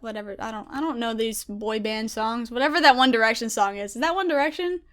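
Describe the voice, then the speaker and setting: A woman's voice: on the high side, fast, few pauses, fairly bright tone. A young woman chatting casually about her gaming teammates in a bubbly, giggly, gushing way. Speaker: gaming YouTuber. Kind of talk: casual vlog chat.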